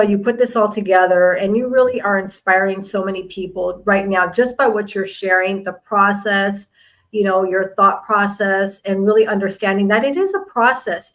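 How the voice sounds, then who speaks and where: A woman's voice: medium pitch, poor audio. Effusive middle-aged woman hosting a live show. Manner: effusive, full of praise, chatty. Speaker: host.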